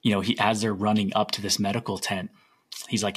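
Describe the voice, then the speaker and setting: A man's voice: on the low side, level tone, fairly quick, breathy edge. A young man hosting a solo podcast, telling stories in an earnest, rambling way. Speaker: podcast host.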